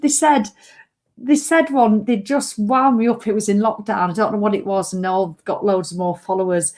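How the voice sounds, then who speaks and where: A woman's voice: medium pitch, fairly even intonation, moderate pace, a little mellow. A middle-aged woman, rambling and self-mocking in a fitness vlog. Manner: rambling, self-mocking, breaks into sung jingles. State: hiccups. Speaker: fitness vlogger. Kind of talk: chatty live video.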